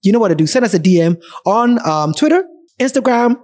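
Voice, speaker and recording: A man's voice: high voice, expressive, fairly quick, a little mellow. A man with a Ghanaian accent hosting a podcast, giving casual, direct relationship advice to his listeners. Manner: chatty, advising, direct with listeners. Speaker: podcast host.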